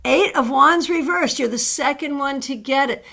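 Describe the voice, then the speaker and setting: A middle-aged woman hosting a live tarot stream, chatting warmly as she greets viewers by name and reads their cards. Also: sits high, normal speed, vocal fry.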